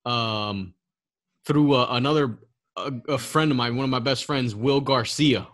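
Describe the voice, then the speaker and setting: A man in casual chat, telling a story with lively quoted voices and frequent laughs. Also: mid-range voice, unhurried. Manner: animated storytelling, acts out quotes, laughs often.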